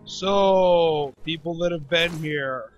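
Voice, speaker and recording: A man's voice: a little high, slow, dull audio, soft background music. A man in casual let's-play chat, rambling and jokey as he plays. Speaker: game player and channel host.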